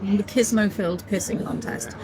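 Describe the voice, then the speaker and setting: A woman's voice: mid-range voice, very animated, normal speed, a crowd in the background, low-quality recording. A woman co-hosting a casual film podcast, chatty and opinionated, swearing casually and laughing often. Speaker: podcast co-host.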